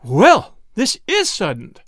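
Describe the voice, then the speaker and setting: A man voicing a prim, proper older mother who speaks in shrill, shocked exclamations. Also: wildly swooping pitch, moderate pace, no echo, studio quality, exaggerated voice. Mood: aghast.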